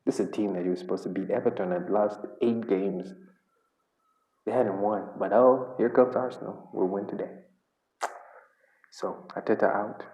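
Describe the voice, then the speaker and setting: A man's voice: lowish voice, steady tone, moderate pace, pauses often, dark tone. A man from Uganda, a football fan vlogger, venting in an exasperated, repetitive reaction rant. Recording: echoey room.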